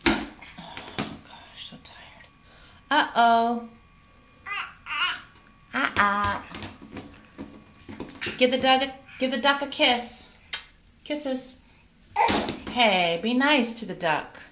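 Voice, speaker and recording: A woman's voice: fairly high pitch, very slow, long pauses, background noise. A mother coaxing her toddler in sing-song, exaggerated baby talk at home. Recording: roomy echo.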